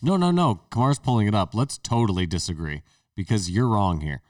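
Low-voiced teasing man on a podcast. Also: lively intonation, fairly quick, no room sound, studio quality, distant mic. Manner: teasing, storytelling, swears. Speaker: podcast co-host. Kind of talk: casual chat.

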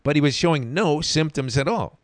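A man's voice: a little high, expressive, brisk, no room sound, studio quality. A man hosting a podcast, telling stories in a wry, sarcastic monologue. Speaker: podcast host.

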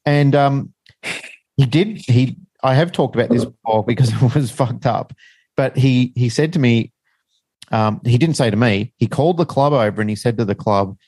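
A man's voice: mid-range voice, moderate pace, warm tone, dry recording. A middle-aged man, telling a personal story as a guest in a frank, rambling, self-deprecating way.

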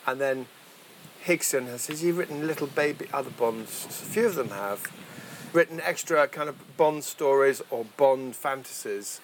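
A man's voice: mid-range voice, moderate pace, a little hiss or hum. A man chatting casually as co-host, restarting his sentences and laughing easily. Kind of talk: casual chat. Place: indoors, clip mic.

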